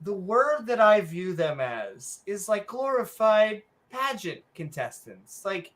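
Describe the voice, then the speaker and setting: A man's voice: high-pitched, big pitch swings, slow pace, hardly any pauses, a bit bright. A man co-hosting a skeptic podcast, ranting casually with profanity and frequent restarts. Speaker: podcast co-host. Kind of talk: casual reaction commentary.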